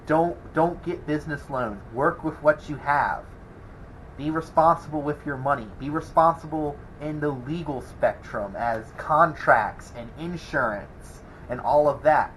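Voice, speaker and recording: A man with a fairly high, slightly bright voice speaks at a measured pace in a casual welding channel vlog, rambling on as he answers a troll with exasperated chuckles. The recording is low quality, with slight background noise.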